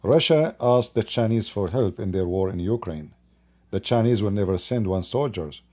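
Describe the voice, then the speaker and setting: Male host, solo commentary into his own mic, low and mellow, insistent and repetitive. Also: expressive, moderate pace. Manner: emphatic, builds repetitive lists. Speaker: channel host commenting on politics. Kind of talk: unscripted commentary monologue. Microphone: own microphone.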